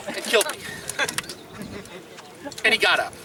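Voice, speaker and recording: A man teaching a hands-on combat class, coaching students through drills with repeated cues and quick asides. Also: high-pitched, expressive. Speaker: combat instructor. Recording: distant camera audio with outdoor noise.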